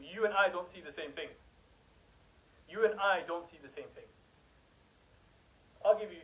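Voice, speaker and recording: A man with a high voice delivers an impassioned religious talk, preaching with fervor and hammering home his points in an emphatic, rhetorical style. He frequently mocks the people he criticizes. His delivery is brisk, and the recording is low quality.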